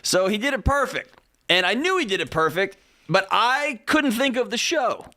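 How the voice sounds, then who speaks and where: A man's voice: high-pitched, moderate pace, no room sound, studio quality. A man co-hosting a call-in radio show, joking playfully and teasing himself. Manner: playful, animated, self-mocking. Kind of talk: lively talk radio banter.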